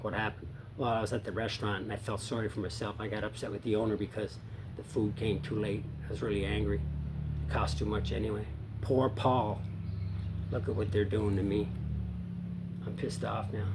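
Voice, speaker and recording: A sobriety coach speaks casually to his viewers, earnest and repetitive, swinging from loud emphasis to quiet, low asides. There is noise in the background.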